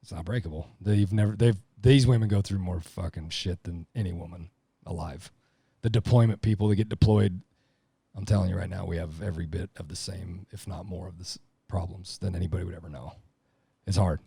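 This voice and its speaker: A middle-aged man with a deep, husky, gravelly voice tells it straight and emphatically, swearing as he goes. His tone sits dark and mellow. He is recorded close on a dry podcast mic. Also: steady tone, a little fast, no echo. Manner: blunt, profane, emphatic storytelling. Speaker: podcast guest, lineman. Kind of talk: casual podcast chat.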